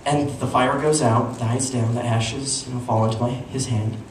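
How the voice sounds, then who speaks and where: A man's voice: medium pitch, normal speed. Young man doing stand-up in an echoey club. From Utah. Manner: animated storytelling with audience asides. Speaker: stand-up comedian. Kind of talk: stand-up comedy set. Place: comedy club stage. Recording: echoey live room, mic at a distance, noisy. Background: audience laughter and room noise.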